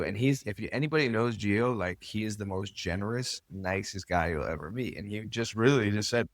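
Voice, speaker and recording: A man's voice: lowish voice, moderate pace, no echo. A man, a podcast guest, casually telling a story about his past, with lots of fillers and quoted speech. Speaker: podcast guest, club owner.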